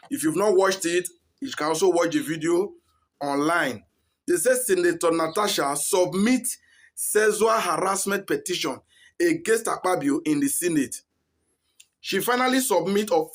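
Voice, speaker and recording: A man giving earnest, explanatory commentary to camera. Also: high-pitched.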